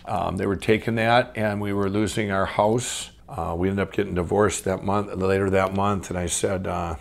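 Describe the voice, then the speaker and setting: A middle-aged man from Minnesota telling his own life story off the cuff, rambling with many restarts and swinging between excited and hushed. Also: sits low, normal speed, vocal fry. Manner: rambling, full of restarts and "I'm going". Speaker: guest storyteller. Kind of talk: unscripted personal storytelling.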